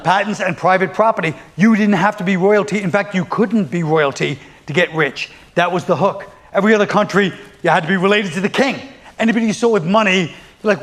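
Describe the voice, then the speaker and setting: A man's voice: high-pitched, fast talker, fairly bright tone, a little hiss or hum. A man doing stand-up comedy, riffing in a rambling, profane, sardonic way and acting out quotes.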